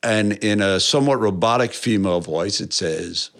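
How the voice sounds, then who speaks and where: A man from New York, a musician, talking in a casual interview, animated, swearing often and rambling with many restarts. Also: lowish voice, moderate pace, hardly any pauses. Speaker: musician guest.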